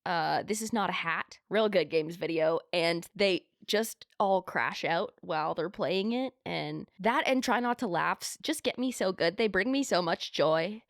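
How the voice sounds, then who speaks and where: A woman's voice: lowish voice, measured pace, few pauses, dry recording, clean studio sound. A woman co-hosting a casual chat show, telling stories with a lot of laughter. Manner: lively storyteller who breaks into laughter. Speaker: podcast co-host.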